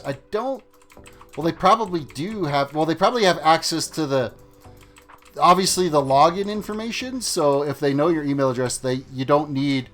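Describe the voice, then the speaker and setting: A man's voice: fairly high pitch, fairly bright tone. A man chatting casually with his viewers on a live stream while playing, rambling and talking things through. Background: faint music and keyboard typing.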